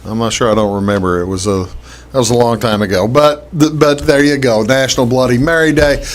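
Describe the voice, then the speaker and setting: A man hosting a casual talk show, chatting in a halting way with many fillers and restarts. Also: mid-range voice, steady tone. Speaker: host. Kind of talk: casual radio-style talk show chat.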